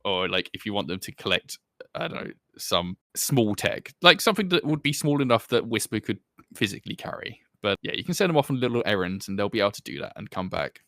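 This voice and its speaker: A man runs a tabletop game, narrating in a relaxed, chatty way. His voice is low and gravelly with a bright edge. The sound is dry and close to the mic. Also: fast talker, no room sound. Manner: relaxed, chatty, laughs often. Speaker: game master.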